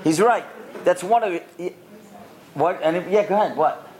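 A man teaching a lesson to boys and adults, telling stories with lively acted-out quotes and asking the listeners questions. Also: high-pitched, measured pace. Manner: lively, acts out the quoted characters, quizzes the listeners. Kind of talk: animated storytelling lesson with questions to the audience.

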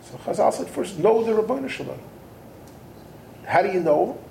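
This is a man with a notably high, very gravelly voice, teaching a Torah lesson in a roomy, echoing space. His delivery swings widely in pitch as he tells a story and digresses freely. Faint noise sits under the recording. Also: lively intonation, brisk, dark tone. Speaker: rabbi teaching a Torah class. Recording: roomy echo.

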